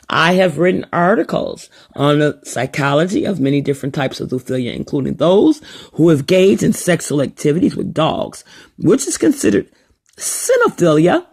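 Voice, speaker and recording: An older woman ranting on a vlog in an animated, mocking way. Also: creaky, slightly rough. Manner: animated and mocking, with wide pitch swings. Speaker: vlogger.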